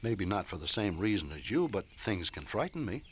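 A man playing a kind adult comforting a frightened boy in a radio drama, gentle and fatherly. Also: on the low side, very animated, normal speed, slight background noise.

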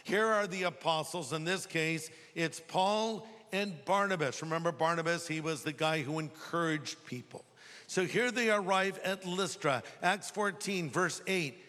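A man's voice: fairly high pitch, a little slow, sharp tone. A man preaching a sermon, telling stories with humor and animation. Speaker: pastor. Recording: long hall reverb.

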